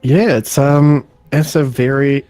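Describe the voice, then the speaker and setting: A man co-hosting a podcast, talking casually in a halting way with many fillers. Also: mid-range voice, steady tone, mellow, no room sound. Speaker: podcast co-host. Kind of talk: casual chat.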